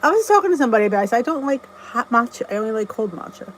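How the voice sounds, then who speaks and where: A woman's voice: a little high, big pitch swings, rapid-fire, slight background noise, rough recording. A middle-aged woman hosting a casual live stream, chatting and greeting viewers by name, often laughing at herself. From New Jersey. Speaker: channel host.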